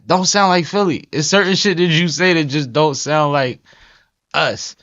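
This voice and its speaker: A man's voice: a little high, moderate pace, fairly bright tone. A man with a Philadelphia accent hosting a podcast, teasing his guest in casual slangy talk. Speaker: podcast host. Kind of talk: casual chat. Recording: slightly dull lo-fi sound.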